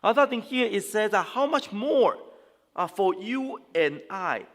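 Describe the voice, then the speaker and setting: Animated pastor preaching in a reverberant hall. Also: male voice, high-pitched, unhurried. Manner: animated, conversational, many fillers and restarts. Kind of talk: sermon to young people. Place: church hall.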